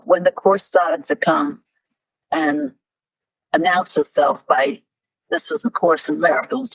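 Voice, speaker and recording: A woman's voice: medium pitch, creaky, husky, dry recording. An older woman telling stories in a Q&A talk, acting out the voices of people in her anecdotes. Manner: animated, acts out dialogue in stories. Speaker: guest speaker. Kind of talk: storytelling talk with Q&A. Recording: dull, lo-fi dry recording.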